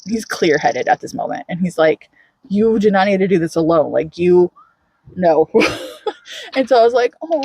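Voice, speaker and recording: A woman co-hosting a book podcast tells a story with a lot of energy and plays out each character's lines. Her voice is a little husky, and her pitch jumps around a lot as she talks. The recording is close and dry. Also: dry recording. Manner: animated storytelling with frequent laughter and acted-out quotes. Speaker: podcast co-host. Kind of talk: casual book recap chat.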